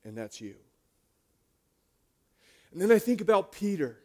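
Animated preacher man, somewhat high voice. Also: unhurried. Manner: animated storytelling, swinging from hushed to loud. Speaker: pastor. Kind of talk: sermon.

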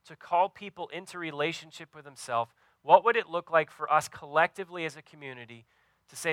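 A man's voice: fairly high pitch, a little fast, a bit bright, no echo. A man preaching a sermon, telling a story earnestly and stumbling over fillers as he speaks to his congregation. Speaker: pastor.

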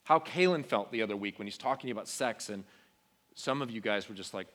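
A man's voice: on the low side, animated, fast talker. Earnest young man preaching to teens. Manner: earnest, conversational, with quiet emotional drops. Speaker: youth pastor. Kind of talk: sermon to teenagers.

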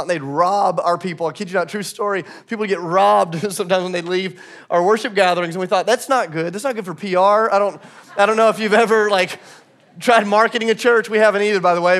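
A pastor with a high-sitting, fairly bright voice preaches a sermon. He tells a humorous personal story, then builds into a passionate refrain that he repeats.

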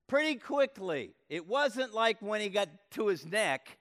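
High-voiced preaching man, big hall echo. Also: big pitch swings, a little slow. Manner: dramatic swings from loud to hushed, repeats words. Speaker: pastor. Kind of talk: sermon. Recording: long reverb of a hall.

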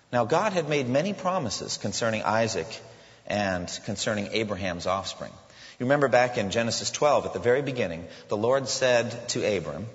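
A male pastor preaching a sermon emphatically, slowing down to stress his points, in a large church. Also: medium pitch, lively intonation. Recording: dull sound with long hall reverb.

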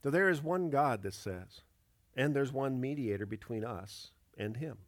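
A pastor in his fifties delivers a sermon, earnest and measured, pushing up on key words and dropping to a hush. His voice sits at an ordinary middle pitch. The sound is dry and close, with little room echo. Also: animated. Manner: earnest, measured preaching with emphatic rises and soft drops.

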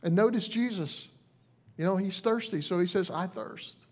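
A man pastor giving a conversational sermon, earnest and gentle, often restarting phrases and dropping softly into quoted lines. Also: high-pitched, normal speed.

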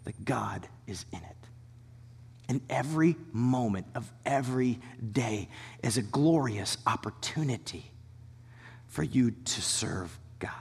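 A man preaching a sermon as a pastor, shifting between animated storytelling and hushed, whispered emphasis. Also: mid-range voice, slightly rough, in a large hall. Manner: animated storytelling with quick asides.

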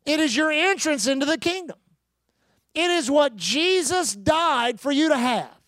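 A man's voice: very high voice, expressive, a little slow, fairly bright tone, dry recording, studio quality. A middle-aged man, preaching a sermon with emphatic rises, repeated phrases and calls to the congregation. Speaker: pastor.

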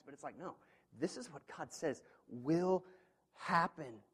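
A man preaching a sermon as pastor, earnest and conversational, swinging between quiet, intimate asides and loud, emphatic passages. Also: on the high side, lively intonation, unhurried, a little hiss or hum. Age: parent of children. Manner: earnest, with conversational fillers and restarts.

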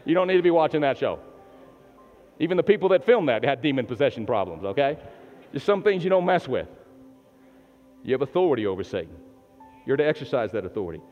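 A man preaching a sermon as pastor to a live and online congregation, animated and laughing often, moving from loud exhortation to hushed prayer. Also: mid-range voice, fast, pauses often. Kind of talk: sermon with call and response. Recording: long hall reverb, dull lo-fi sound, faint music.

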